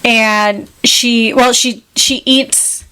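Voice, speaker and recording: A woman co-hosting a podcast, retelling a film plot in casual chat with animated, quick asides. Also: on the high side, smooth. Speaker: podcast co-host.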